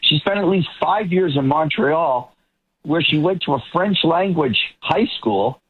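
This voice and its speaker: Husky, slightly higher-pitched man from the Boston area, emphatic panel commentator, heard over a tinny remote line. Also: animated, a little slow. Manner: emphatic, repeats words when building a point. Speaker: political commentator guest. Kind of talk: talk show panel discussion.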